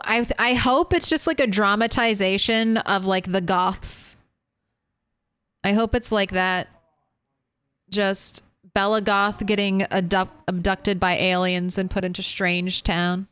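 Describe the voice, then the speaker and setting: Chatty woman streamer, smooth dry voice. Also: medium pitch, fairly even intonation, slow, a bit bright, no echo. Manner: rambling, chatty, swears freely. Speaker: game streamer. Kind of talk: casual gameplay chat.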